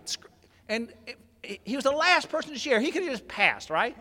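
High, bright man in a big reverberant hall. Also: brisk, noisy background. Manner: animated storyteller, rising to near shouting, dropping low and quiet. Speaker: workshop speaker at a recovery convention. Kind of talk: storytelling talk to an audience. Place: large convention hall.

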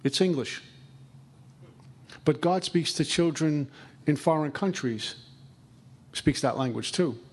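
A man's voice: a little high, animated, slow, pauses often, husky. A man giving a conversational recovery talk, acting out inner dialogue. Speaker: recovery speaker.

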